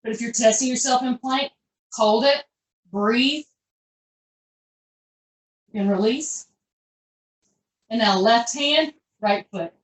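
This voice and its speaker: A cheerful woman coaches a pilates session, cueing moves in a chatty, folksy way. Her voice sits a little high and lifts on her praise. The sound is roomy, picked up from a distance across an echoing space. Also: takes it slowly, pauses often. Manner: upbeat, chatty, encouraging coaching with folksy phrases. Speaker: fitness instructor. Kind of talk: live online workout class cueing. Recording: echoey room, voice from far off.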